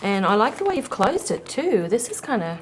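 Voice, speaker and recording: A woman's voice: mid-range voice, very animated, a little fast, a little hiss or hum. A woman co-hosting a live craft stream, chatty and teasing, asking the guest questions. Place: studio.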